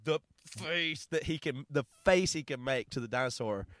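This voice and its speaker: Male co-host, mid pitch, deadpan-joking banter, dry close mic. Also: moderate pace, dry recording. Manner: joking, mock-earnest pep talk. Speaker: podcast co-host. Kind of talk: casual chat.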